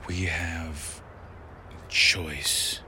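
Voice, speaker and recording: A man's voice: low-pitched, flat delivery, very slow, pushed and bright, a little hiss or hum. A man giving a hyped daily motivational briefing outdoors, emphatic and preachy, swearing and dropping into dramatic whispers. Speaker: motivational vlogger. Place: outdoors in cold weather.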